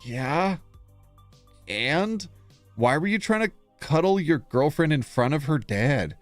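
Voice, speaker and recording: Male streamer, casual and very animated, laughs a lot and plays up mock outrage. Dry close mic, faint music underneath. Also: on the high side, slow, dry recording. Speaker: streamer reading posts. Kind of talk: casual live-stream reaction reading.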